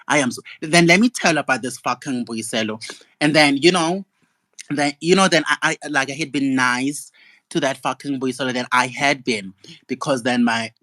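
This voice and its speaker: A man's voice: mid-range voice, fairly bright tone, no echo. A young man, ranting indignantly and profanely in a gossip vlog. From South Africa. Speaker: gossip vlogger. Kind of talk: angry ranting monologue.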